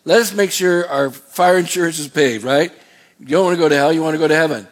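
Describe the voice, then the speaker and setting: Folksy higher-voiced male pastor preaching. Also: fast talker. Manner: folksy, digressive, with asides and repeated words. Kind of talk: sermon.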